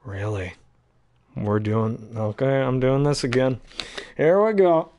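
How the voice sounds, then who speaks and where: There's a little hiss or hum behind this expressive, slightly mellow medium-pitched male voice, which moves at a slow pace. He's a hobby voice actor rambling casually about favorite voices, filling gaps between impressions with ums and throat-clearing.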